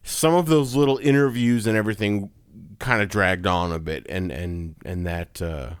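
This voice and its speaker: A man's voice: fairly low pitch, moderate pace, clear, resonant tone, no echo, studio quality. A man co-hosting a casual movie podcast, chatty, repeating words as he works through his thoughts. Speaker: podcast co-host.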